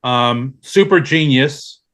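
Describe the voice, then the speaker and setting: A man's voice: mid-range voice, lively intonation, slow pace, a crowd in the background. A man on a casual discussion panel, rambling and hesitant with many fillers.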